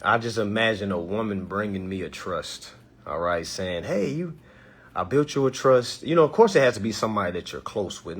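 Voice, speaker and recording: A man making a casual sales pitch, checking in with "all right?" after nearly every point. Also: a bit bright, breathy edge. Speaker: estate planning seller.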